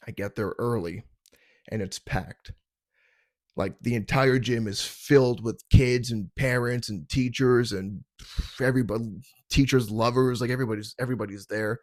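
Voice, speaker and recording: A young Canadian man hosts a comedy podcast from his parents' basement, telling rambling, self-deprecating stories and stumbling over his words. His voice is lowish and a little mellow, with studio quality and no echo.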